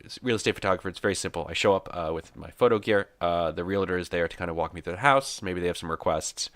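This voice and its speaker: Lively storytelling man, bright tone. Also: low voice, quick pace, no room sound. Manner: animated storyteller, laughs often, swears casually. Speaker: podcast guest or host. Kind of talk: casual podcast conversation.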